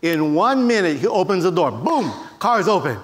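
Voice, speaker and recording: A man's voice: high-pitched, normal speed. A man preaching a sermon to a church congregation, telling stories and acting out the voices of the people in them. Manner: animated storyteller, acts out voices in quotes. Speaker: pastor. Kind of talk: sermon with storytelling.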